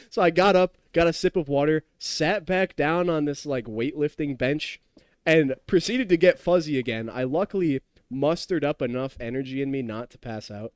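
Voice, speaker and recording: A man's voice: fairly high pitch, animated, normal speed, a little mellow, smooth, no echo. Chatty young man, dry close mic. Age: young adult. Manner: rambling, laughing, storytelling, reading chat. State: tipsy. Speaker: streamer. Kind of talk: casual live-stream chat while gaming.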